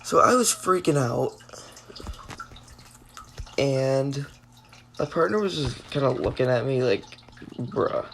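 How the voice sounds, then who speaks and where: A man's voice: mid-range voice, animated, slow pace, gravelly, pauses often, fairly bright tone, slight background noise, poor audio. A young man casually telling a personal story on his vlog, rambling and full of fillers. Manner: rambling, filler-heavy retelling. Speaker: vlogger.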